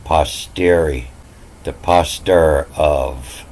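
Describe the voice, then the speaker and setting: Slow, low-voiced man rambling through letters. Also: low-quality recording. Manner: meandering, repeats words, many "you know" fillers. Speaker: self-styled language teacher. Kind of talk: rambling explanatory monologue.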